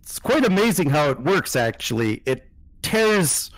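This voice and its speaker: A man's voice: on the high side, sing-song, measured pace, no echo, voice pushed up, low-quality recording. A man doing a proud, boastful alien wanderer. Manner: showy, pleased with his own technology.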